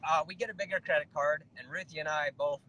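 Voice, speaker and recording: A man casually telling an animated personal story, quoting the people he talked to. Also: a little high, fast talker, slight background noise, rough recording. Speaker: network marketing distributor. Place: Facebook Live broadcast.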